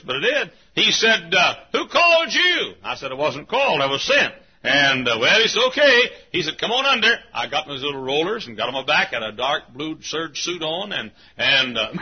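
An older man from Texas, a pastor, telling folksy sermon anecdotes with frequent chuckles and loud acted-out quotes. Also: on the high side, slightly rough, highs cut off. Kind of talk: sermon storytelling.

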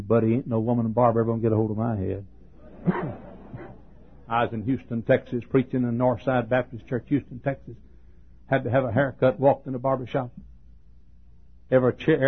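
A man's voice: medium pitch, level tone, fairly quick, breathy edge. A man preaching a sermon in a folksy, joking storytelling manner, chuckling and coughing as he goes. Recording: tinny phone-like sermon tape.

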